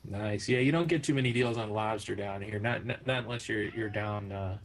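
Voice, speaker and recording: Man, podcast co-host, rambling, joking, gravelly, noisy recording. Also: fairly low pitch, brisk. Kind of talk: casual comedic chat.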